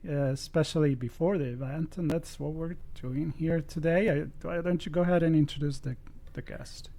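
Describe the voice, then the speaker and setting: An Italian-accented man co-hosts a casual podcast chat, and his voice sits a bit high for a man. He talks in a light, joking way and teases his partner as they chat. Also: fairly even intonation, normal speed, creaky, mellow. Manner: joking, teasing banter. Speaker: podcast co-host.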